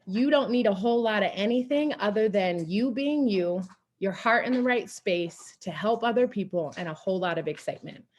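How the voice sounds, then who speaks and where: Young woman, animated motivational storyteller on a team call, middle pitch. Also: normal speed, highs cut off. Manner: energetic, animated storytelling with acted-out quotes. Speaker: guest speaker on a team coaching call.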